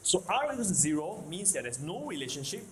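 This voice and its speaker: A man's voice: on the high side, sing-song, fast, fairly bright tone, slight background noise, low-quality recording. A man with a Singaporean English accent giving a math lecture, repeating key points and checking in with the class often. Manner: repetitive, keeps checking in with "okay? can?". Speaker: math teacher.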